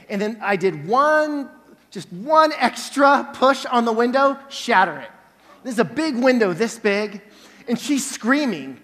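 Animated male pastor in a reverberant hall. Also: extremely high pitch, normal speed. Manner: animated storyteller, acts out scenes loudly. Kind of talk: sermon with personal storytelling.

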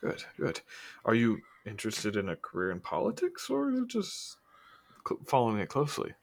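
A man's voice: medium pitch, huge pitch swings, brisk, creaky. A man doing a flustered, rambling councilman. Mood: polite. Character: bumbling male city councilman, self-important.

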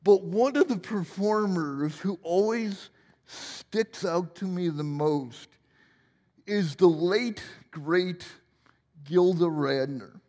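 A man's voice: sits high, takes it slowly, a little mellow, long reverb tail. A man in his forties preaching a sermon as pastor, playful and joking at his own expense. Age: 40s. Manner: playful, self-deprecating humor.

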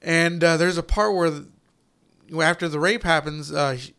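A man chatting casually about movies, animated, swearing freely and acting out scenes. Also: on the high side, moderate pace, vocal fry, smooth. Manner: animated, swears a lot, acts out movie lines loudly.

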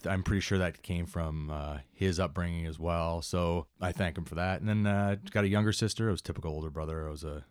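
A man in his thirties from Canada, a firefighter telling relaxed, rambling stories in a casual interview. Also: low voice, clear, resonant tone, dry recording, clean studio sound. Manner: relaxed, rambling anecdotes with many asides. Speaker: firefighter and instructor, guest.

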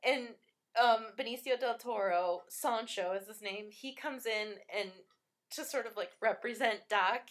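A woman's voice: on the high side, a little slow. A woman chatting casually about a film, rambling with lots of fillers and laughing often.

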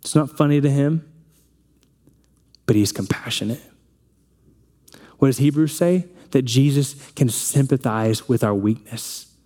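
A man's voice: mid-range voice, measured pace, pauses often, dark tone. A man pastor preaching a sermon, retelling a film scene and acting out the family's lines.

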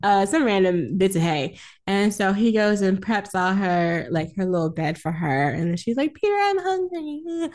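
A woman's voice: on the low side, moderate pace. A woman in casual chat retelling an old film scene by scene, often laughing and acting out the characters' lines. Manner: animated, laughs often, acts out lines with voices. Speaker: podcast co-host.

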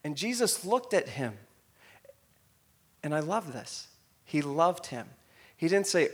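A man's voice: fairly high pitch, unhurried, slightly rough. A male pastor preaching a sermon, reading scripture and acting out the quotes, asking the congregation to repeat lines. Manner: expressive, acts out quotes, asks congregation to repeat.

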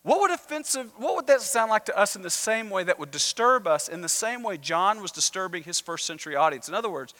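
A male pastor with a high, bright voice preaches in a church sanctuary, talking conversationally and asking the congregation to join in. A long hall reverb trails his words. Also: lively intonation, a little fast, few pauses. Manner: conversational, engages the congregation with questions. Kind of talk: sermon.

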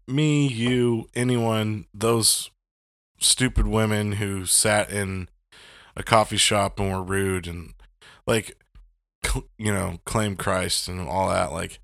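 A man's voice: on the low side, no echo, clean studio sound. Blunt, profane man in casual chat. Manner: blunt, profane and heated, rambling with many fillers.

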